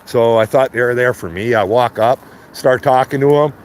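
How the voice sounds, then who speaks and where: A man's voice: medium pitch, moderate pace, a little hiss or hum. Rambling man streaming from the street. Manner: rambling, repeats greetings, says "man" often. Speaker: livestreaming street auditor. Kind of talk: casual livestream chat. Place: outdoors on neighborhood streets.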